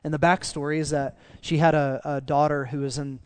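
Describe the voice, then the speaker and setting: Guy preaching, kinda high voice, chatty and earnest, dry close sound. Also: flat delivery, brisk, clean tone, dry recording. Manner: conversational, earnest, dips soft in emotional parts. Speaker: pastor. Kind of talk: sermon with storytelling.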